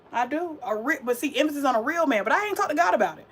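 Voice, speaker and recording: A young woman hosting a vegan cooking livestream rattles off sassy, chatty remarks straight to her viewers as she cooks. Her high-pitched voice has lively intonation and a breathy edge, coming rapid-fire with few pauses.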